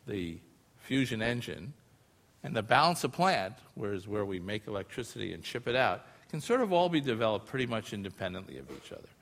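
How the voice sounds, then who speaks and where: A man with a somewhat low voice gives a public science lecture to a live audience. He explains things in a loose, conversational way, checking in with tag questions as he goes. The sound carries a long reverb from a large hall. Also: fairly bright tone. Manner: casual and explanatory, often using filler phrases and tag questions. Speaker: lecturer presenting research.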